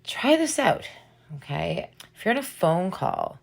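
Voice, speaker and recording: A woman's voice: fairly low pitch, wildly swooping pitch, measured pace, gravelly. A middle-aged woman hosting a podcast, giving an earnest motivational talk and checking in with her listeners with a frequent "right?". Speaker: podcast host. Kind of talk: motivational monologue.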